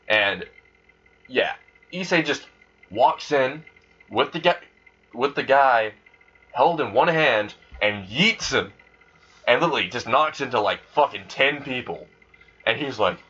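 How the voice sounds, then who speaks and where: Husky bright-voiced man rambling a story. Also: medium pitch. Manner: rambling and crude, full of fillers and swearing. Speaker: fan fiction storyteller. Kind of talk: casual improvised storytelling. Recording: dull lo-fi recording.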